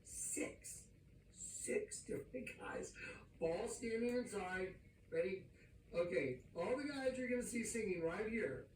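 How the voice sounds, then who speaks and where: A man preaching as he comments on video clips, animated and exclaiming, his voice jumping high when excited. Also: background noise. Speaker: pastor. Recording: echoey room, voice from a distance.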